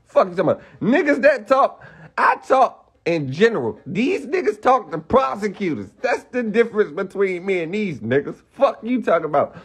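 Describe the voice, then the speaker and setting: Young man, live stream rant, profane, heated, rhetorical questions, slightly high voice. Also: sing-song, moderate pace, husky. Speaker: livestreamer. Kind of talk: ranting live stream monologue.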